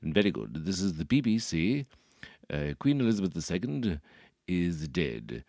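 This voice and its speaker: A man plays a pompous upper-class Englishman who shows no emotion and speaks in a clipped, deadpan way. The voice is deep but lifted a little in pitch. The recording is close and dry. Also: moderate pace, no room sound.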